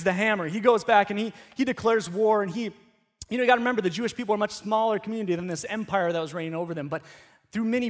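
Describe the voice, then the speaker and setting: High-voiced pastor telling a story. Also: male voice. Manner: conversational storytelling with many restarts. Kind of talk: sermon.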